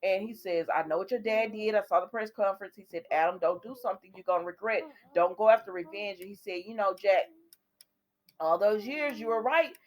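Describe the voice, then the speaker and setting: A woman's voice: medium pitch, a little fast, a little mellow. A woman recapping a soap opera episode for her viewers in a chatty way, retelling the scenes and quoting what the characters say. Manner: talks directly to viewers.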